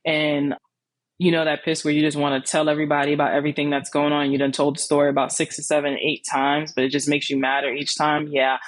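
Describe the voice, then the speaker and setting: A woman's voice: low voice, little pitch movement, fast, no room sound. A woman hosting a podcast, telling a personal story in a candid, blunt, casual way, swearing freely and acting out what people said. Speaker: podcast host.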